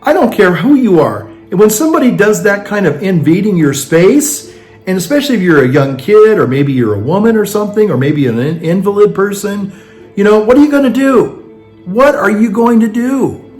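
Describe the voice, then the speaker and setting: A man with a somewhat high-pitched voice delivers a loose, rambling monologue full of restarts. He acts out the people he quotes as he goes. Faint music plays behind him. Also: animated, moderate pace, darkish tone. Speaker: vlogger. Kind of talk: casual monologue.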